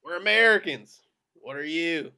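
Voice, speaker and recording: A man's voice: on the high side, moderate pace, background noise, lightly acted. A man reading the part of a brash American officer in an amateur script reading, drawling and coaxing.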